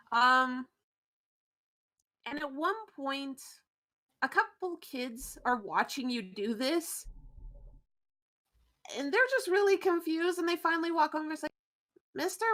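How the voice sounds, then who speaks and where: A woman's voice: high voice, lively intonation, takes it slowly, pauses often, sharp tone. A woman narrating a tabletop game as game master, loose and chatty with frequent fillers.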